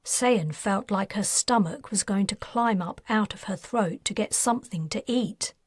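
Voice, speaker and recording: A woman narrating her own science fiction audiobook in a measured, even way on a close studio mic. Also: mid-range voice, breathy edge, no echo.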